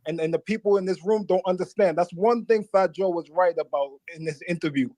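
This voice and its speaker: A man's voice: high voice, brisk, warm tone, dry recording. A man with a New York accent calling in to a livestream, arguing his point in an insistent, repetitive, defensive way. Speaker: caller. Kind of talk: call-in argument.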